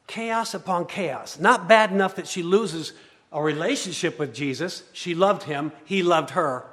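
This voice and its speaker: A male pastor preaching a sermon, swinging between loud urgency and hushed, quiet passages. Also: high-pitched, unhurried. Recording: long hall reverb.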